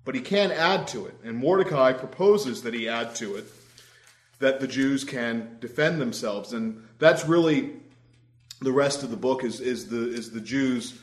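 Wry, animated young preacher. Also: male voice, mid-range voice, unhurried. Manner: conversational, wry, animated storyteller. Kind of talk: sermon. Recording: roomy echo.

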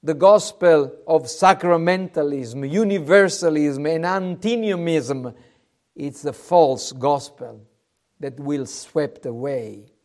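Male preacher, high voice, slow deliberate sermon delivery. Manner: slow, emphatic preaching with rising and falling force, some hesitations.

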